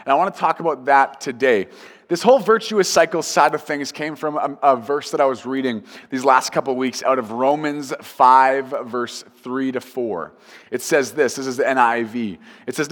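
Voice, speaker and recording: A man's voice: mid-range voice, moderate pace, fairly bright tone, big-room sound. A man, a pastor, preaching a sermon earnestly and building emphasis with repeated phrases.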